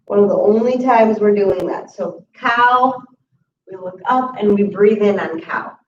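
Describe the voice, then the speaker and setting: A woman teaching a chair yoga class, calmly cueing each breath and movement. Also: mid-range voice, a little slow. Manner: calm instructive cueing of breaths and moves. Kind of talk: guided exercise class. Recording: roomy, distant, muffled audio with faint hiss.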